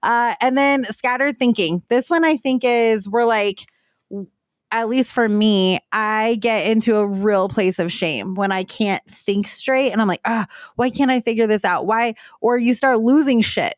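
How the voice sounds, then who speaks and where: A woman in her thirties co-hosting a casual podcast, candid and animated, swearing casually and laughing often. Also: on the high side, a little slow, no room sound, studio quality. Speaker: podcast co-host. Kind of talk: casual conversational podcast chat.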